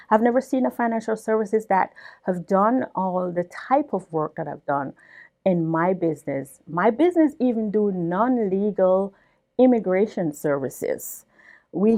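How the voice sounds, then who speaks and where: Emphatic woman telling her story. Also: on the low side. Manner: emphatic, repeats words when excited. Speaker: business owner being interviewed. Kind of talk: storytelling interview talk.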